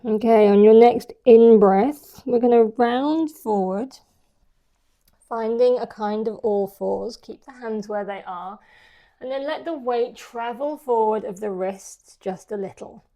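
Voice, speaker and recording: A woman teaching a yoga class, guiding the poses and breathing slowly and gently. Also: a little high, highs cut off. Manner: slow, gentle and soothing. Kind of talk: guided yoga instruction.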